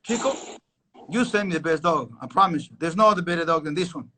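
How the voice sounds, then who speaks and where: A man voicing an excited cowboy-type male dog owner who keeps insisting his dog is special. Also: fairly high pitch, fast talker, slight background noise. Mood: insistent. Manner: eager, insistent.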